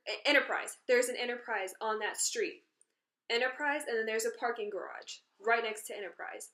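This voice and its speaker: A woman casually telling a story about something that happened to her, in an indignant, animated way. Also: fairly high pitch. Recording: roomy echo.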